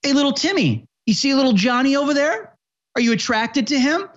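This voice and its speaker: A man's voice: extremely high pitch, expressive, a little fast, highs cut off. A man mocking a sly male teacher who pushes leering, stammering questions on young pupils.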